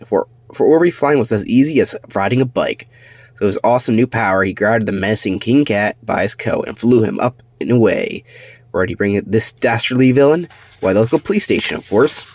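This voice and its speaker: A man reading his own children's storybook aloud, animated, with slips and restarts. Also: lowish voice, brisk, no echo.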